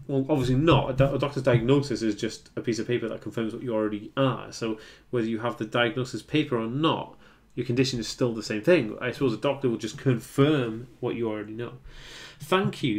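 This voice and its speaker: A young man with a North Welsh accent hosts a casual livestream, reading viewer comments aloud and answering each one. He talks in a chatty, easygoing way, with plenty of ums and restarts. His voice sits at an ordinary middle pitch for a man. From Wales. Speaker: livestream host reading chat.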